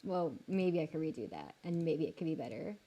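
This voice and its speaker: A young woman streamer chats loosely with her viewers, and her pitch swoops up and down. She rambles and restarts her sentences, fills them with little words, and giggles at herself. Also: big pitch swings, a little fast, warm tone. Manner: rambling, filler-heavy, giggly, self-deprecating. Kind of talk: casual live-stream chat.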